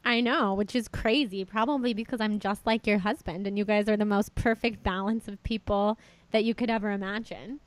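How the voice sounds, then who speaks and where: A young woman hosting a podcast, chatting excitedly and exaggerating for effect. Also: mid-range voice, fairly quick, rough recording. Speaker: podcast host. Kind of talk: casual chat.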